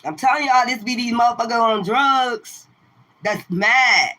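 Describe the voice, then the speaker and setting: A woman's voice: on the high side, measured pace, pushed and bright. A woman streaming live to her viewers, ranting in a profane, confrontational way and firing the same rhetorical questions again and again. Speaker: tarot reader livestreamer. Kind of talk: livestream rant to viewers.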